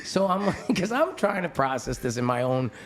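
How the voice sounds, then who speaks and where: A middle-aged man hosting a podcast, telling a story in casual chat, swearing often, laughing as he talks and acting out other people's voices. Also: moderate pace. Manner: profane, animated, laughing storyteller; acts out other people's voices with big pitch jumps. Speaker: podcast host.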